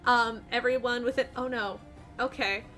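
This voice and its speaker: Bright high-voiced woman game master. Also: normal speed, faint music behind. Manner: animated, loose narration with many fillers. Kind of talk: narrating a tabletop game. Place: home streaming setup. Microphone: streaming mic.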